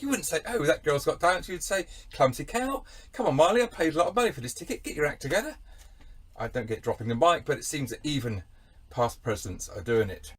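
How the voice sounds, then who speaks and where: English man, middle-aged, channel host; husky, self-mocking, rambling monologue. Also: fairly high pitch, a bit bright. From England.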